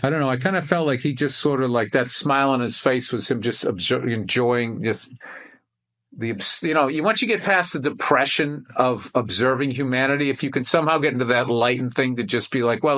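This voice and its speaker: A man's voice: medium pitch, brisk, a bit bright. A man guesting on a video call chat, rambling and reflective, with frequent swearing and restarts. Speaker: comedian guest. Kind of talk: casual chat.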